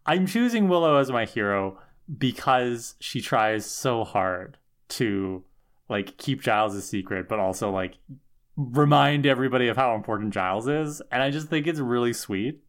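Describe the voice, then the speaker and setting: A podcast co-host in casual chat about a show, thoughtful and quick to join the jokes. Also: mid-range voice, expressive.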